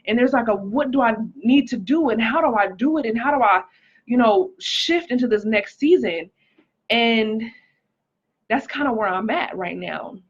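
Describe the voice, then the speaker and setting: A woman's voice: fairly high pitch, lively intonation, normal speed, slightly rough, dull audio. A woman giving an earnest, emotional testimony on a live stream as a life coach, reading viewer comments aloud. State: pregnant, recovering from stroke.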